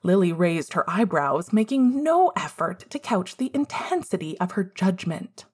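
A woman narrating a fan fiction story aloud in an expressive, measured way. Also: fairly low pitch, breathy edge. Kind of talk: fan fiction audiobook reading.

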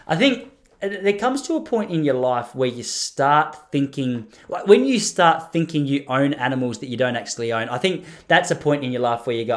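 Man in his thirties, live stream host, rambling and self-deprecating, mid-pitched, casual storyteller. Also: animated, moderate pace.

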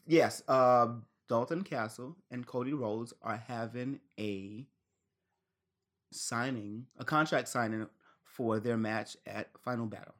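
A man's voice: mid-range voice, slow, fairly bright tone. A man co-hosting a casual podcast, rambling through a wrestling recap, laughing often and trailing off mid-sentence. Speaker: podcast co-host.

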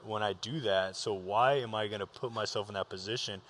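A man's voice: on the low side, fairly even intonation, fairly quick, a bit bright. A young man, a pro ballplayer, talking candidly and earnestly about his faith with many restarts. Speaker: professional baseball player, guest.

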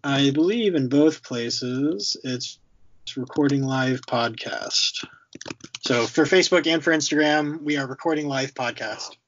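A man's voice: mid-range voice, a little slow, fairly bright tone, a little hiss or hum. A man hosting a podcast in easygoing casual chat, laughing along and wrapping up, on muffled lo-fi audio. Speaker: podcast host.

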